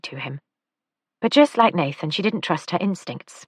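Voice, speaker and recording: Low-voiced woman narrating an audiobook. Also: lively intonation, moderate pace, breathy edge, no echo. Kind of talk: scripted narration.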